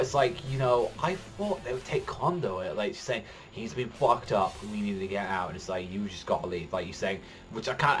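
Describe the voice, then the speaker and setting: A lower-pitched man rambles through an excited reaction commentary, cursing constantly and tumbling over his own words. Faint music plays quietly under his voice. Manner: rambling, heavy swearing, breathless excitement. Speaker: manga reaction youtuber.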